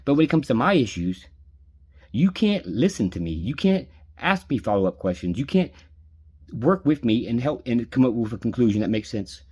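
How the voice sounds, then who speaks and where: A man's voice: mid-range voice, sing-song, normal speed, warm tone, breathy edge. An adult man venting in an angry personal rant, bitter and aggrieved, swearing often. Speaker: vlogger venting.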